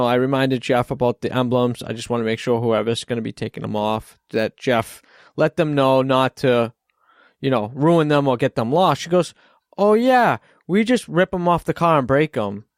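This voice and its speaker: A man's voice: medium pitch, clean tone, dry recording, studio quality. A man hosting a podcast, chatting in an easygoing, agreeable way. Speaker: podcast host. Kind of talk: casual chat.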